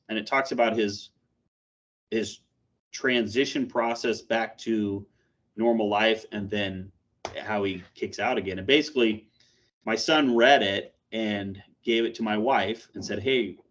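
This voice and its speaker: Man, 40s, corrections officer; low voice, candid, plainspoken, halting delivery; dull lo-fi video call audio. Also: a bit bright. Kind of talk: personal story shared in a peer support meeting.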